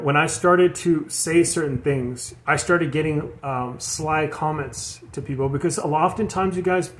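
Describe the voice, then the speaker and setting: A man's voice: fairly high pitch, slight background noise. A young man giving a casual spiritual talk as a tarot reader, rambling, repeating words and restarting sentences.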